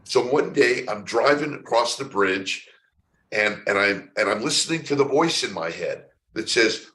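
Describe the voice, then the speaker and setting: A man's voice: on the low side, expressive, normal speed, bright, forceful tone. A man from San Francisco, a spiritual coach being interviewed, telling his story in an earnest way and often repeating words as he starts his sentences. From San Francisco, United States. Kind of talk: conversational interview.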